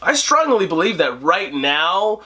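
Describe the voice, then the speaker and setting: A man in his twenties hosting a casual movie review vlog, animated and joking, laughing often. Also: high-pitched, measured pace, husky. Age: 20s. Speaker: host.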